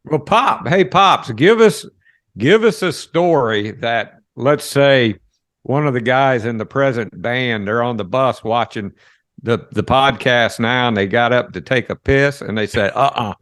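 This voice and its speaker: A man's voice: mid-range voice, a little slow, fairly bright tone, dry recording, clean studio sound. A man hosting a casual podcast chat, prompting his guest for stories. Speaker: podcast host.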